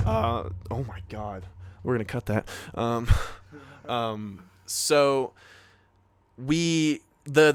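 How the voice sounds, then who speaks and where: A man's voice: mid-range voice, a bit bright, dry recording. Rambling young man telling a story. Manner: rambling, profane, lots of fillers and acted-out quotes. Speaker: podcast co-host. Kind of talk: casual storytelling among friends.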